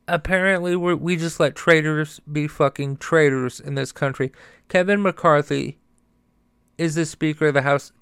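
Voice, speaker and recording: A man's voice: on the high side, a bit bright, clear, resonant tone, no room sound, studio quality. A man hosting a podcast, delivering an angry, profane political rant, with a stutter that makes him repeat sounds and words. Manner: profane and heated, repeats words while getting started. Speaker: podcast host.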